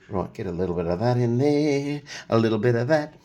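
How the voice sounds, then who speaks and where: Here the same kind of host, a middle-aged man teaching painting casually, talks fast and with lots of energy in a mellow, mid-range voice. He keeps up the chatter and jokes, humming made-up tunes as he goes.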